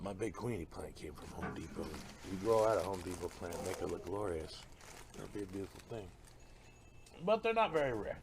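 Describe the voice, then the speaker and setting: Lively, gravelly-voiced man chatting about plants. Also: lowish voice, a little hiss or hum. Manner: chatty, enthusiastic, drops into whispers while handling plants. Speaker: gardening vlogger. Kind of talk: casual unboxing chat.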